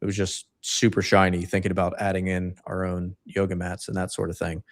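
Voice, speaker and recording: A man co-hosts a livestream in easygoing chat, his voice sitting on the low side. He tells his story in a loose, rambling way, leaning on likes and uhs. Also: completely flat delivery, fairly quick. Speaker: livestream co-host.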